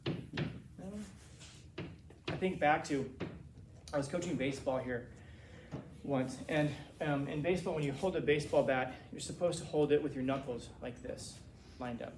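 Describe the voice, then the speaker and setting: A man in his forties, a teacher, lecturing a class in a rambling, animated way with many restarts. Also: a little high, normal speed, pauses often. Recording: roomy classroom from a distance, faint hiss.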